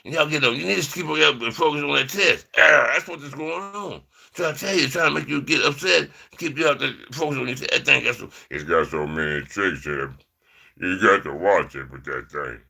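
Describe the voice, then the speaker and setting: Casting: male vlogger, forceful and gravelly, casual rambling delivery full of "man". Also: medium pitch, a little fast. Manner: loose, rambling, peppers talk with "man" and "you know". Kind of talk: rambling casual monologue to viewers.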